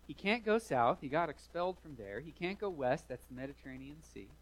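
A man's voice: on the high side, lively intonation, fairly quick, rough recording. A man preaching a sermon, retelling a story vividly with rising emphasis. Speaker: pastor.

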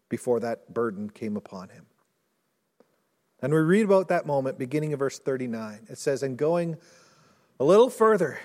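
A male pastor preaching a sermon in earnest, rising to intense storytelling and dropping low and soft. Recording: long hall reverb.

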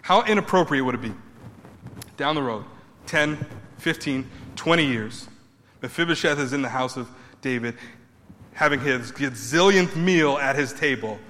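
A man's voice: animated, moderate pace, long pauses. Emphatic preacher man in a reverberant hall. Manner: emphatic, rising to loud repeated points then dropping low. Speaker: pastor. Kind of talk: sermon.

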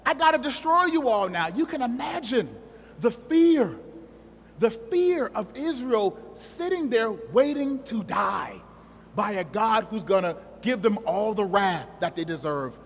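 A man's voice: sits high, very animated, slow pace, breathy edge, big-room sound. A man preaching a sermon in a conversational, joking way, asking the congregation questions.

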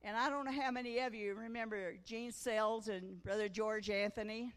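A woman's voice: a little high, fairly even intonation, moderate pace, smooth. Older woman preaching fervently. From Missouri. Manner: folksy storytelling that swells into fervent preaching. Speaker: guest preacher. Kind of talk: testimony sermon at a women's conference. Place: church conference hall. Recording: echoey church hall.

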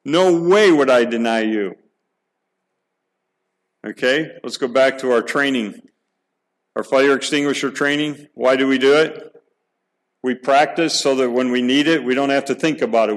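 A man's voice: medium pitch, fairly even intonation, normal speed, poor audio. A middle-aged man preaching a sermon, earnest and emphatic, asking the listeners questions and often repeating words as he restarts a thought. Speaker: pastor.

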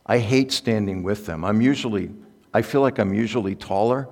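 A man preaching a sermon as pastor, swinging from soft, quiet asides to loud, impassioned peaks. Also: on the low side, normal speed. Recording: echoey hall with long reverb.

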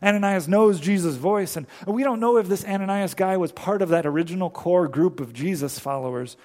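A male pastor telling a Bible story in a sermon, slowing down and pausing for emphasis. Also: sits high, a little mellow, in a large hall. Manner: storytelling, with slow emphatic pauses.

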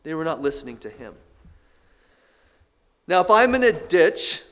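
A man's voice: on the high side, sing-song, measured pace, fairly bright tone. A man preaching a sermon as a pastor, stretching out key phrases for emphasis.

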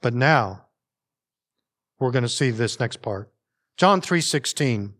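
Man, middle-aged, family pastor, sermon, folksy, conversational, asides to the congregation, medium pitch. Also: lively intonation, slow pace, a bit bright.

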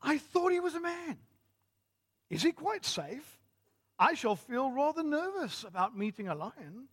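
A prim storybook girl with a posh English accent frets in a high, fluttery voice, as a man puts her on. She sounds proper and uneasy. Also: sing-song, measured pace, a bit bright, big-room sound, heavily acted. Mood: nervous. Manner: prim, nervous.

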